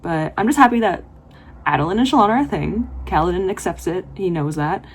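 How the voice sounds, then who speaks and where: A woman's voice: lowish voice, lively intonation, brisk, a little hiss or hum. A young woman vlogging her reactions while reading, talking in an emotional, gushing and exclamatory way. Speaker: book vlogger. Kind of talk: reading vlog commentary.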